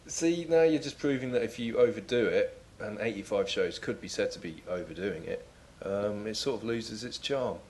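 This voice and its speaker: A man's voice: lowish voice, moderate pace, a little mellow. A man in his forties co-hosting a comedy chat with dry, mock-serious wit. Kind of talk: comedic banter.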